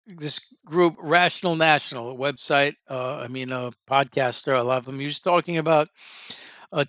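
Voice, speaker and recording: A man's voice: on the high side, fairly bright tone, clean tone, dry recording. A man hosting a casual news commentary podcast, rambling with many fillers and restarts, in a Northern US accent. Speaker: podcast host.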